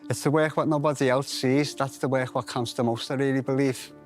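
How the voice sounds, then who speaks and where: A man speaks with earnest, heartfelt emotion while he pitches his product. His voice sits at an ordinary pitch. Faint music plays under him. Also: fairly even intonation, fairly quick. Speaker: entrepreneur pitching. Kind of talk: business pitch conversation.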